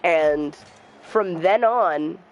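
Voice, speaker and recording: A young man streaming a game, telling a personal story in a soft, halting voice and trash-talking the game now and then. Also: on the high side, dull audio, slight background noise. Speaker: gamer streamer. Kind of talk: casual storytelling while gaming.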